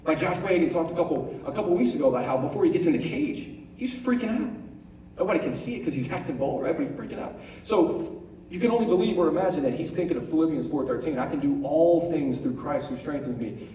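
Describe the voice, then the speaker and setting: A young man giving a casual, conversational sermon to a youth group, often asking "right?" and reading scripture out slowly. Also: a little high, animated, mellow, a little hiss or hum. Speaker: youth pastor. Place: large room on stage. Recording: echoey room, voice from far off.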